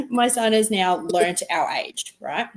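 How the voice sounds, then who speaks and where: A woman in her thirties with an Australian accent, co-hosting a casual chat in a relaxed, teasing way. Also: medium pitch, takes it slowly, crowd noise. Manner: relaxed, teasing, laughs often. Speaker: co-host.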